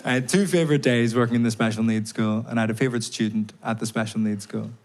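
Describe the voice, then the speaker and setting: A man doing a stand-up routine, telling stories in a deadpan way with timed pauses, on stage at a live comedy venue. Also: mid-range voice. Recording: live show recording with audience noise.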